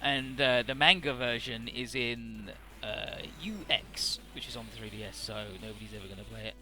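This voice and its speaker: A man's voice: mid-range voice, normal speed, pushed and bright. A man hosting a let's play, summarizing the story in a rambling, profane and casual way. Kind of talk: casual game commentary.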